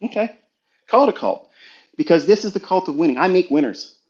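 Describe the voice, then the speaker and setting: A middle-aged trading mentor delivers a blunt, profane motivational lecture packed with rhetorical questions. His high-pitched voice is animated, brisk, and a little mellow. The recording sounds dull and lo-fi.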